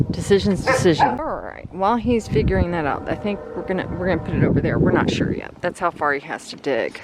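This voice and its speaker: A woman's voice: fairly low pitch, expressive, fast, hardly any pauses. A woman vlogging casually while working in her backyard garden, chatting and thinking aloud. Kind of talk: casual yard-work vlog. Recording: loud outdoor noise.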